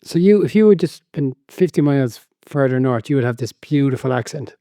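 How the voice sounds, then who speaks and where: Brief: male podcast co-host, mellow tone, dry close sound, curious and quick to laugh. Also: medium pitch, expressive, no echo. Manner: curious, laughs often, retells stories. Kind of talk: casual chat.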